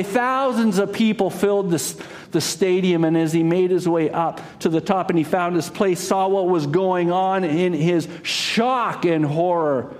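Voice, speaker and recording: A man preaching a sermon, telling a story dramatically, rising to loud cries and dropping to a hush. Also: high voice. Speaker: pastor.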